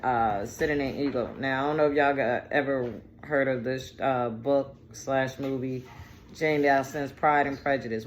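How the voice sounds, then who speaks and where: A woman's voice: rumbling low, slight background noise. A woman giving a casual tarot reading, chatty and digressive, with slang and profanity. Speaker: tarot reader.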